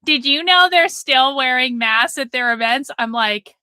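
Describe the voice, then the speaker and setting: A woman host with a high, bright and sharp voice, talking in a sarcastic, profane and mocking way as she reacts on a livestream. The sound is dry and close, with no room around it. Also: animated, a little slow, clean tone, dry recording. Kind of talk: casual livestream commentary.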